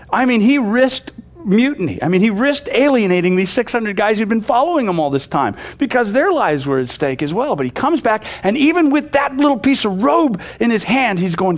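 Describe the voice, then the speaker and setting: A male pastor with a slightly high voice teaches from the Bible in a relaxed, conversational way. He rambles, drops in plenty of "you know" and restarts, and grows animated when he retells the story.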